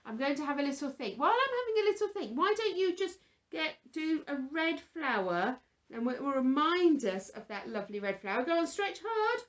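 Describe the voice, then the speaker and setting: A woman presenting a children's Bible lesson, talking gently and with exaggerated feeling to toddlers and a puppet. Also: high-pitched, sing-song, brisk, muffled recording.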